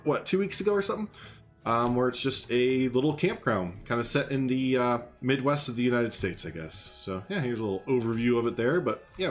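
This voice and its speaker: A young man with a medium-pitched voice chats casually on a live stream as he builds in a game. He rambles, hums, and greets viewers by name.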